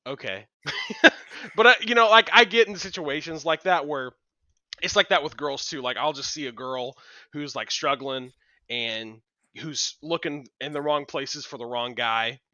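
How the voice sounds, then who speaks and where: A man with a bright, forceful voice talks in a rambling, loose way, full of fillers and false starts. His recording sounds slightly dull and dry, with no room around it. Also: a little high, big pitch swings, measured pace, no room sound. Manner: rambling storyteller, many fillers and restarts. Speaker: podcast co-host. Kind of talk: casual chat.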